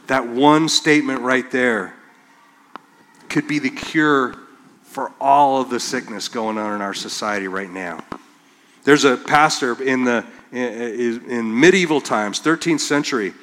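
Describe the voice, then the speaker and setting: A man's voice: medium pitch, measured pace, a bit bright, a little hiss or hum. A male pastor preaching a conversational sermon, reading scripture aloud and acting out the quotes. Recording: long hall reverb.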